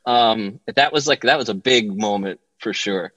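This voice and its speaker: A middle-aged man telling stories as a podcast guest, lively and chatty, acting out what people said in raised voices. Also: normal speed, no echo. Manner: animated storyteller, acts out quotes in high voices. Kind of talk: casual storytelling chat.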